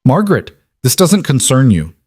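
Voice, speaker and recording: A man voicing a ruthless woman who commands security teams, sharp and commanding, in an audio story. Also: rumbling low, sing-song, moderate pace, husky, voice pushed up, exaggerated voice. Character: ruthless female security chief, rattled.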